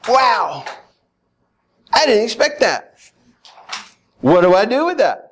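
A male pastor delivers a sermon in a somewhat high-pitched voice. He talks emphatically, pressing his listeners directly and pleading with them. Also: very animated, slow pace, fairly bright tone. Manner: emphatic, rising to urgent pleading.

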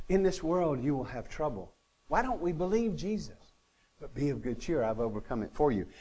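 A high-pitched male pastor preaches an earnest sermon flavored with dry humor. He alternates between emphatic declarations and quiet, intimate moments.

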